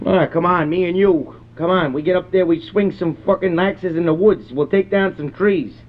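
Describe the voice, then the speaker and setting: Prank call: a man playing a belligerent, swearing rural man in his fifties, high pitched, phone-quality audio. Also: steady tone, normal speed, lightly acted. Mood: gruff, ranting. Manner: rambling, cursing constantly, belligerent. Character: crude foul-mouthed middle-aged rural man, hot-tempered. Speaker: prank caller.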